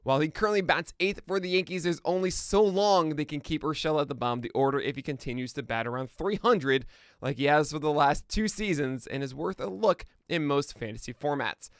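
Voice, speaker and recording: On a morning podcast streamed live from his home studio, an American man chats casually with his audience and then runs through the day's news, self-deprecating and laughing at his own jokes. His voice sits on the high side, brisk, clear and resonant. The sound is studio quality with no room sound.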